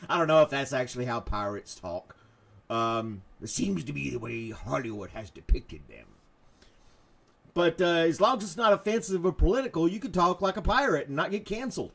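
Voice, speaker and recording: A man's voice: fairly high pitch, lively intonation, normal speed. A man hosting a live morning chat show, rambling and self-mocking, with jokey asides to his dog and to viewers.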